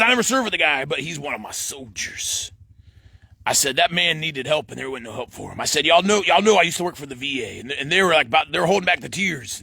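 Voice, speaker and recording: A man's voice: mid-range voice, gravelly. A middle-aged man, rambling to a phone camera outdoors and saying "friends" over and over. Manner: says "friends" in nearly every line, rambling and excitable. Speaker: vlogger.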